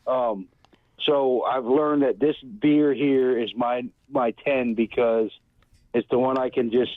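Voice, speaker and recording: A man's voice: medium pitch, fairly even intonation, slow pace, no echo. Rambling man on a tinny phone line. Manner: loose, rambling, chuckling after many beers. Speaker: caller. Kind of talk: casual phone-in beer review.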